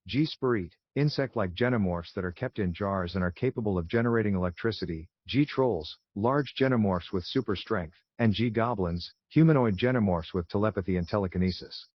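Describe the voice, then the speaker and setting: A low-voiced man gives a plain, amateur reading of a fan fiction story, frequently stumbling and starting over. The recording is dull and lo-fi, dry and close, with no room sound.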